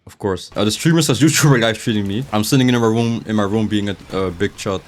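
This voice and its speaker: A man's voice: fairly low pitch, fast talker, a little hiss or hum. Rambling young man gaming, speech slightly unclear. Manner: rambling, frequent restarts and filler words. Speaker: gaming streamer. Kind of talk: casual gameplay commentary. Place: his room, seated in a chair.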